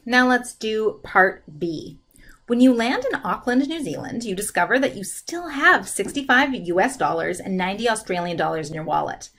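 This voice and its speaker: A woman talks through a recorded math lesson at her computer, explaining each step steadily. Her voice sits at an ordinary middle pitch, recorded close at a desk microphone. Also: fairly bright tone. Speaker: math instructor. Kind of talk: screen-recorded lesson, working through problems.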